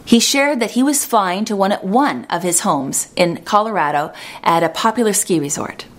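Woman giving an earnest, measured sermon. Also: medium pitch, animated. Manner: earnest, measured preaching with slowed emphasis. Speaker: preacher.

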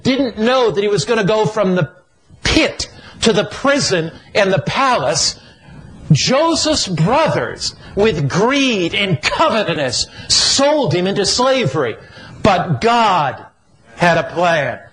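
A man preaching a sermon in a slow, emphatic, repetitive cadence. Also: sits high, big pitch swings, fairly bright tone, poor audio.

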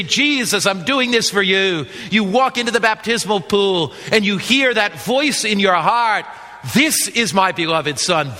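A man preaches with emphasis, putting questions to his congregation and driving each point home. His voice sits high and rings bright and forceful. It echoes with the long reverb of a large hall. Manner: emphatic, asks the audience questions. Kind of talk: evangelistic sermon.

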